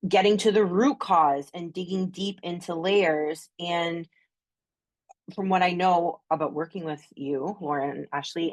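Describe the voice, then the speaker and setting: A woman's voice: on the low side, no room sound. A woman with a Canadian accent, chatting enthusiastically as a guest astrologer on a podcast, often saying "like". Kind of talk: casual podcast conversation.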